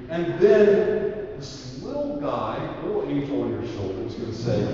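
A man, a priest, preaching an animated sermon and drawing the audience to repeat after him. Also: mid-range voice, moderate pace. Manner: animated, audience call-and-response. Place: large hall. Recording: echoey hall from far off, dull sound.

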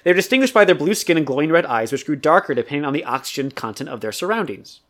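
A man's voice: on the high side, very animated, fast talker, fairly bright tone. A man co-hosting a podcast, playfully explaining trivia at length in casual chat. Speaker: podcast co-host.

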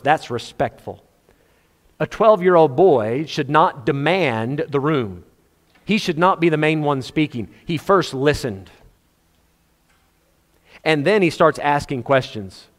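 A man preaching a sermon, telling the story with animated, acted-out scenes. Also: a little high, a little slow. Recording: long hall reverb.

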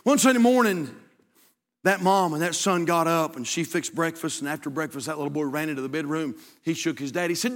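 A man preaching a sermon in a church, shouting at the peaks and dropping to a hushed voice for stories. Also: a little high, a little fast. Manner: impassioned, builds to shouts, then drops to a hushed storytelling voice. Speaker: pastor. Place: church sanctuary. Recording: long hall reverb.

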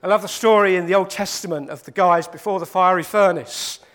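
High-voiced man preaching a lively sermon. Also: fairly quick. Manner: lively, acts out quoted voices, emphatic repetition.

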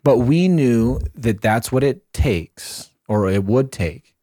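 A man co-hosting a podcast in casual chat, emphatic and repeating phrases for effect, his voice a little hoarse. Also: mid-range voice, expressive, slow pace, warm tone, no echo, clean studio sound. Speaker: podcast co-host.

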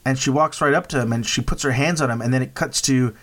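A man's voice: mid-range voice, quick pace, fairly bright tone. Rambling man recapping a movie. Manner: rambling, recaps plot with many restarts and "right?" checks. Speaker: podcast host. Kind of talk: casual movie review chat.

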